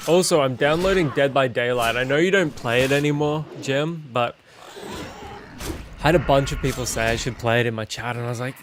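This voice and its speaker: An Australian man streaming a game, chatting in a relaxed way and swearing casually. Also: mid-range voice, fairly quick, slight background noise. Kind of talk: casual chat while gaming.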